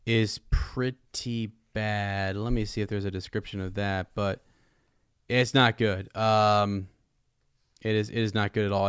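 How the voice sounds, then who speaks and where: A man's voice: fairly low pitch, smooth, no room sound, studio quality. A man who hosts a podcast, reading passages from a book aloud and chatting about them casually. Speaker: podcast host.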